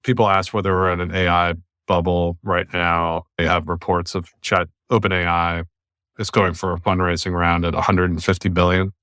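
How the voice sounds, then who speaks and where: A man from the United States hosting a podcast, giving blunt, opinionated views in casual discussion, often with animated rants. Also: low-pitched, normal speed, smooth, no room sound, clean studio sound. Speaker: podcast host.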